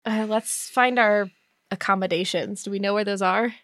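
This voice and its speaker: A woman's voice: medium pitch, fairly even intonation, moderate pace, fairly bright tone, dry recording, clean studio sound. A woman playing a tabletop game, blunt and swearing. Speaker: player. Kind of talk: casual tabletop role-play.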